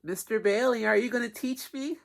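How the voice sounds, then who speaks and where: A man's voice: very high-pitched, steady tone, a little fast, gravelly, slight background noise, pitched above the performer's own voice. A man imitating eager young schoolchildren who ask whiny, squealing questions.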